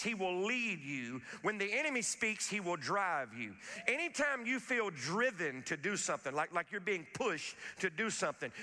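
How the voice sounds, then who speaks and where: A man with a high, very bright voice preaches a sermon, repeating words as he restarts his thoughts and slowing down for scripture. His voice rings out through a long hall reverb. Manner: repetitive restarts, emphatic preaching, quotes scripture slowly. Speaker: pastor.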